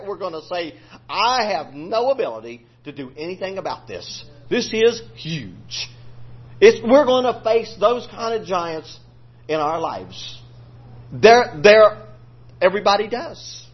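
High husky-voiced preacher. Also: male voice. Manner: homespun colloquial speech. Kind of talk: folksy storytelling sermon. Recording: lo-fi recording.

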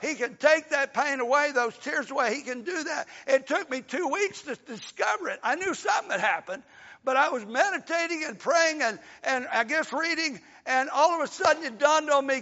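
An older preacher with a very high, gravelly voice that has a bright, sharp edge. He preaches in a folksy way, swelling into shouts and falling back to a soft hush. He is heard on a dull, lo-fi recording with long reverb from the hall. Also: expressive, normal speed. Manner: folksy, rising to shouts then dropping soft. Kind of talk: sermon.

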